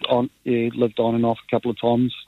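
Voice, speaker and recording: A man's voice: medium pitch, monotone, quick pace, dry recording. A man with a New Zealand accent calling in to a radio show, talking in an easygoing, rambling way and repeating words. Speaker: caller. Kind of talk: phone-in radio call. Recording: tinny phone line.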